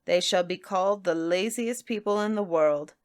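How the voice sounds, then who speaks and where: A woman voicing a stern, solemn old male magician who speaks in low, slow, grave pronouncements. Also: smooth, no room sound, lightly acted.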